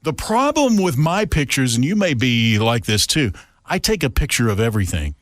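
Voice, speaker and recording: A man's voice: medium pitch, normal speed, no echo. A man hosting a podcast in casual, joking chat with a friend, recorded in a radio station studio. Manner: chatty, animated, joking. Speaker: podcast host.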